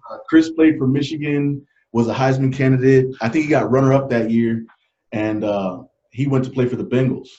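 A man in his forties telling a personal story as an interview guest, earnest and halting, getting choked up and dropping his voice low and soft. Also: fairly even intonation. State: emotional, choked up. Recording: dull lo-fi audio.

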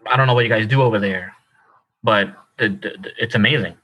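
An Irish man co-hosting a casual comedy chat, excitable and slangy, often breaking into laughter. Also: on the low side, fairly quick, husky, low-quality recording. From Ireland. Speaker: podcast co-host.

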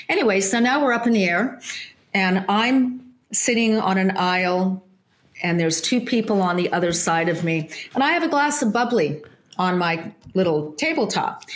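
A woman with a medium-pitched voice tells a casual anecdote with lots of animation. She restarts sentences often and acts out other people's voices.

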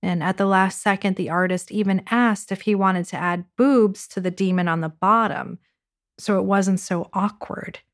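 A woman hosting a podcast, narrating a personal dating story with intimate hushed passages and wry, sarcastic asides. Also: mid-range voice, steady tone, moderate pace. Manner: intimate, dropping to a hushed whisper for racy moments. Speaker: podcast host.

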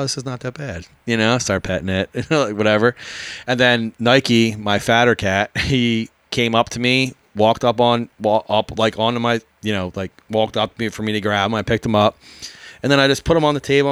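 A man's voice: on the low side, fairly bright tone, clean tone, dry recording. A man hosting a casual podcast, telling stories in a laid-back way with lots of fillers and laughs. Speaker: podcast host.

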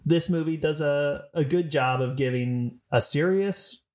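A man's voice: on the high side, unhurried. Dry-humored man on a podcast. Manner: dry, deadpan jokes. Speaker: podcast co-host. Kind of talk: casual podcast chat.

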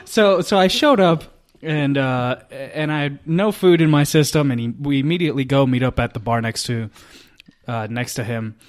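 A man's voice: mid-range voice, normal speed. A young man guesting on a podcast, chatting casually, laughing often and agreeing along. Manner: relaxed, frequent laughs and agreeing backchannels. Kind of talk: casual chat.

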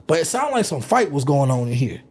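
Husky young man telling a wild story. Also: mid-range voice, fairly quick. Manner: animated storyteller, acts out quotes. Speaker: podcast host. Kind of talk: casual storytelling.

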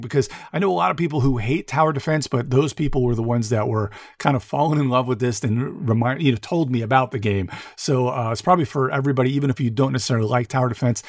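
A man's voice: medium pitch, dry recording, clean studio sound. A man hosting a podcast, giving a casual, enthusiastic roundup of game news with many fillers. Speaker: podcast host covering board games.

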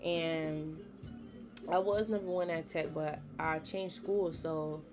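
A woman's voice: low-pitched, steady tone, slow pace, over music. A young woman hosting a podcast, chatty and emphatic, giving casual motivational talk with slangy asides. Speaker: podcast host.

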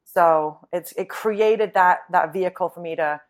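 A woman's voice: lowish voice, a little slow. A British woman who is a guest on a podcast, chatting casually, laughing often and mocking herself. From Britain.

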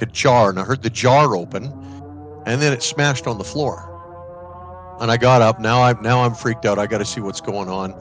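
A man co-hosting a podcast, casually telling a ghost story and acting out the voices of people in it. He often restarts and repeats words when he gets excited. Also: medium pitch. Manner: lively storytelling, acts out quoted voices. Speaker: podcast co-host.

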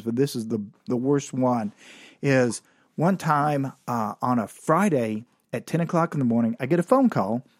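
A man's voice: mid-range voice, darkish tone, dry recording, clean studio sound. A man telling a comic personal story in a casual, slangy, wry way.

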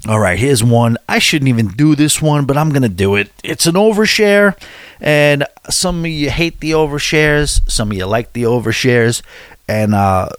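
A man's voice: medium pitch, lively intonation, normal speed, dry recording, clean studio sound. A man in his forties, chatting casually and telling rambling, self-deprecating stories with many restarts. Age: 40s. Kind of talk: casual chat.

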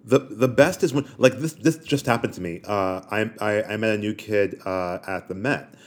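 A man co-hosting a podcast in casual chat, halting and repeating words as he reflects. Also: on the low side. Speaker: podcast co-host.

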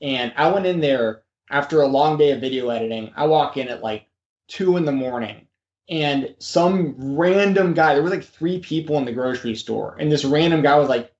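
A man's voice: a little high, normal speed, darkish tone. A man from the United States hosting a podcast interview, laid-back and chatty, often calling the guest dude and man. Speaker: podcast host. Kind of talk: casual interview chat. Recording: roomy, dull lo-fi audio.

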